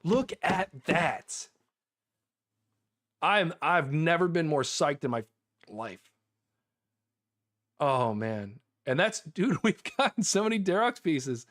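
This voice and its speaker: An American man streaming a game live, excitable and chatty, repeating himself and laughing often. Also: a little high, measured pace.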